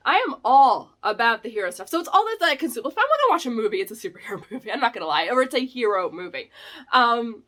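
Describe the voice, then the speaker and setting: Woman, casual vlog storyteller, animated, laughs a lot, fairly high voice. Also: quick pace. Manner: animated, filler-heavy, laughs often. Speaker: vlog host.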